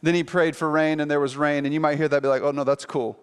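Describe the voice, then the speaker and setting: A man preaching as a pastor, telling a scripture story in a lively, conversational way and acting out the quotes. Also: on the high side, fast talker, clear, resonant tone, long reverb tail. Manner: animated storytelling, acts out quotes in playful voices. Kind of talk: sermon.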